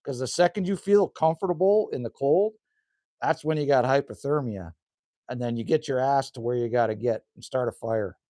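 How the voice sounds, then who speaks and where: A middle-aged Canadian man with a slightly hoarse voice, hosting a live stream from a cabin and chatting casually with viewers in a folksy way. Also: medium pitch, normal speed, mellow, no room sound, studio quality. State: a little hoarse. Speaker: livestream host reading chat. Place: rural cabin indoors.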